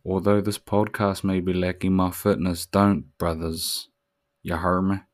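A man's voice: sits low, little pitch movement, unhurried. A man, hosting a solo podcast in a laid-back, slangy way that turns reflective. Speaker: podcast host. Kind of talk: casual solo podcast chat.

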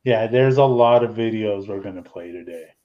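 A man's voice: fairly low pitch, moderate pace, highs cut off. A man hosting a podcast in casual chat, annoyed and swearing freely. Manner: annoyed and profane. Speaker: podcast host.

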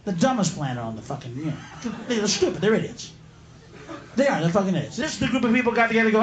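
This stand-up comic speaks quickly in a high-pitched, expressive voice, swearing his way through a rant punctuated by abrupt screaming. Captured live in a club, the sound is echoey with slight noise, and the loud audience laughs and claps throughout.

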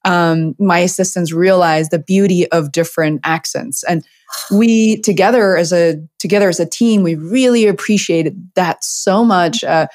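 A woman who learned English as a second language hosting an interview, speaking haltingly with restarts. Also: on the low side, darkish tone. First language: not English. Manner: halting, many fillers and restarts. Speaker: interview host, documentary filmmaker. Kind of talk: interview host chat.

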